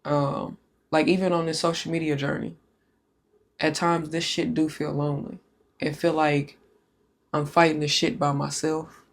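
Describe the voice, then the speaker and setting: A woman's voice: deep voice, little pitch movement, moderate pace, pauses often. Blunt, talkative woman podcast host. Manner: candid, profane, talkative. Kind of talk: casual podcast chat.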